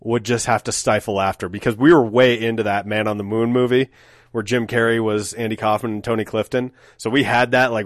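A man's voice: mid-range voice, no echo, clean studio sound. Wry, profane man telling stories. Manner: profane, wry, filler-heavy storytelling. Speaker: solo podcast host. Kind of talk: casual storytelling monologue.

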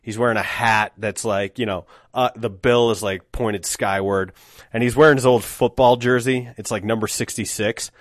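A man's voice: on the low side, fairly even intonation, normal speed, no room sound, clean studio sound. A man in his thirties hosting a solo podcast, telling stories in a wry, profane, casual way with lots of filler words. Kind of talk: casual storytelling monologue.

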